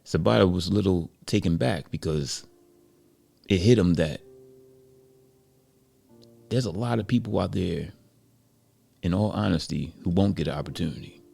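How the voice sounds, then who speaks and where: A man narrating a story casually, relaxed and reflective, with frequent conversational fillers. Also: low-pitched, moderate pace, gravelly, pauses often, soft background music. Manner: relaxed, reflective, many "you know" fillers.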